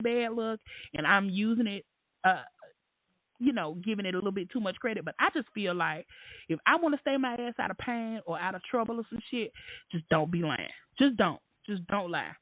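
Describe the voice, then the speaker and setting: Woman, call-in show host, slangy, candid, swears, very lively pitch, phone-like sound. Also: moderate pace, no room sound. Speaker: podcast host. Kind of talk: casual call-in show chat. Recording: dry, tinny phone-like line.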